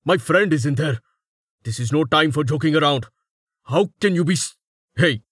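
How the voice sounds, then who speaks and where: A man's voice: medium pitch, animated, brisk, a little mellow, dry recording, studio quality, natural voice. A man voicing a rude, anxious soldier who speaks curtly with a raised, irritated voice. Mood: angry.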